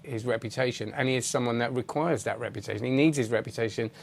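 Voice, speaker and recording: A man's voice: medium pitch, fast, vocal fry. A middle-aged British man hosting a magic review channel, chatting casually and rambling while greeting viewers by name. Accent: British English. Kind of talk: casual live-stream chat.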